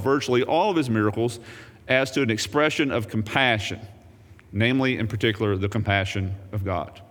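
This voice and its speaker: A male pastor delivers a lively sermon in a mid-pitched voice, jumping from loud raised points to quiet murmured asides. He throws in wry jokes along the way. His voice rings out with a long reverb through a church sanctuary. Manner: animated preaching, swinging from loud raised emphasis to quiet low asides.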